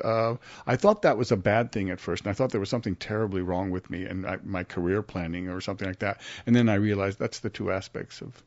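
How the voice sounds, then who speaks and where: Animated older man telling stories. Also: dry recording. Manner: animated, acts out quotes with big pitch jumps. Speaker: guest actor. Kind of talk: casual interview storytelling. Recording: dry, slightly muffled studio audio.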